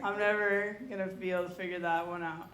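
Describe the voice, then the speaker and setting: A woman's voice: lowish voice, steady tone, fast talker. A woman performing a rambling, chatty open mic stand-up set, talking with the crowd between jokes. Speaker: stand-up comedian. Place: comedy club stage. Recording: echoey club room, faint noise.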